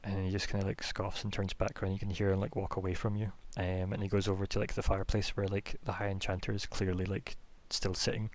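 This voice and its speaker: A man's voice: low-pitched, completely flat delivery, fast talker, hardly any pauses. A man narrating a tabletop game as game master, rambling with lots of fillers.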